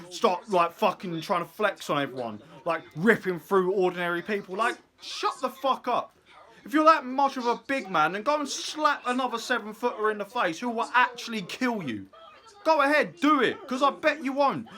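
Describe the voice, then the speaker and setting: A man's voice: high-pitched, a bit bright. Ranting, profane man. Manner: angry, profane, mocking. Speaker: vlogger. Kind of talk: ranting commentary to camera.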